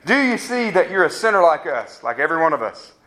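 Male preacher with a fairly high voice, delivering an earnest, pleading sermon. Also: sing-song, fast, pushed and bright. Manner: pleading, earnest appeals with rising questions.

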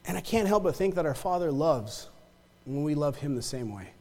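A man's voice: fairly high pitch, animated, a little fast, a little mellow. A man preaching a sermon in a conversational way, often checking in with the congregation and repeating himself as he talks. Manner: conversational, repeats words, asks the congregation "right?" and "amen?". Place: church sanctuary. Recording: long hall reverb.

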